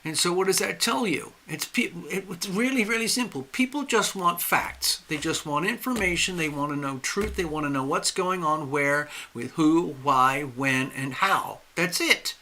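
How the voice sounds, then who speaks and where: A man hosting a live astrology stream, speaking emphatically with drawn-out stresses and restarts while losing his voice. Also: on the high side, pushed and bright, slight background noise. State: losing his voice, clearing his throat. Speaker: astrology and tarot livestream host.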